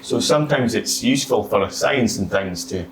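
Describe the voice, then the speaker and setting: Playful male player, lowish voice, echoey room. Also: lively intonation, moderate pace, recorded from a distance. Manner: playful in-character talk using "aye" and "wee". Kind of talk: playing a character at a tabletop game. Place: rented lodge room. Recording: echoey room with faint noise.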